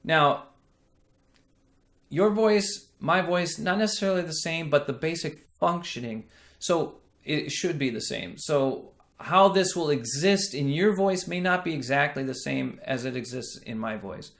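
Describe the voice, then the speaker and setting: A man teaching a singing lesson, explaining slowly and checking in with the listener as he goes. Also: a little high, animated, a bit bright. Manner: slow, explanatory teaching with frequent "right?" checks. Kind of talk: singing lesson with sung demonstrations.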